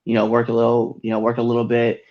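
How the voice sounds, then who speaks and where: A man's voice: medium pitch, monotone, fast, muffled recording, a little hiss or hum. A man hosting a podcast, chatting casually and laughing often as he tells wrestling stories. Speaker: podcast host.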